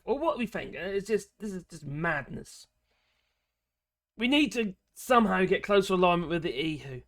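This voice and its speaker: A woman's voice: on the low side, moderate pace, no echo, clean studio sound. A woman, middle-aged, ranting sarcastically and indignantly as she comments on a news article, with bursts of mild swearing. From Britain. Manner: animated rant, voice jumps up when outraged.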